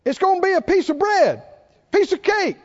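Man acting out excited confident spies, very high voice, muffled hall echo. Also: normal speed. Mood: rallying. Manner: excited, rallying. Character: eager, confident male spies urging battle. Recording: dull recording in a reverberant hall.

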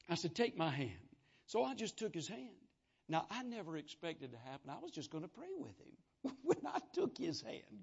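A man's voice: on the high side, vocal fry. A man preaching a sermon, telling folksy testimony stories and acting out the dialogue. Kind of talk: sermon storytelling. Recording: dull lo-fi sound.

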